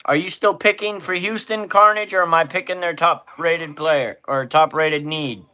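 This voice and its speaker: Man, live-stream host, casual and laid-back, bossy with kids, bright tone. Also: a little high, steady tone, moderate pace. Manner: easygoing, talks through picks while bossing the kids around. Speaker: live-stream host running a mock draft.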